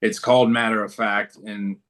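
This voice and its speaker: A man's voice: fairly low pitch, level tone, normal speed, fairly bright tone. A man talking as a guest in a casual interview, telling stories in a laid-back, good-humored way.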